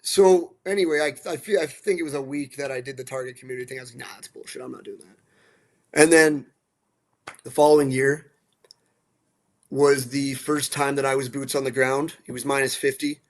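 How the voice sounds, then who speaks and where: A man from central Alberta talking casually as a guest, animated and blunt, swearing now and then, restarting and repeating words. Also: mid-range voice, a little fast. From central Alberta, Canada. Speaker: guest, musician and dog rescue advocate. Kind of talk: casual storytelling.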